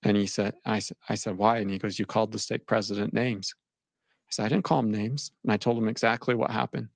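Man, young, low voice, gravelly, halting, dry close sound. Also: steady tone, no echo. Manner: halting, repeats words, shaken. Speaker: interviewee recounting his experience. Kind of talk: emotional personal account.

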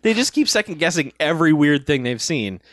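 Lively male podcast co-host, chatty and jokey, dry mic. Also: a little high, fairly quick, no echo. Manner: animated, laughing, swearing, acts out quotes. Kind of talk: casual movie recap chat.

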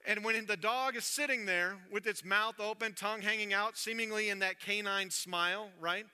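A man preaching a sermon in a church, telling a story with animated energy and dropping low and soft for emphasis. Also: normal speed, clean tone. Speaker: pastor. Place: church sanctuary. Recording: long reverb of a church hall.

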